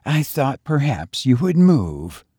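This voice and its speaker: Male reader playing a timid, frightened sister; husky, slow. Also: mid-range voice, very animated, warm tone, dry recording, studio quality, pitched above the performer's own voice, exaggerated voice. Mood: pleading. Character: frightened timid adult woman.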